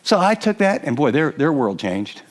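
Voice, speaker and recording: Older guy preacher, kinda high voice, super animated, acting out couples mid-sermon. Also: normal speed. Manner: animated, acts out quoted spouses, frequent restarts. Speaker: pastor. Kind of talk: sermon teaching to a live audience.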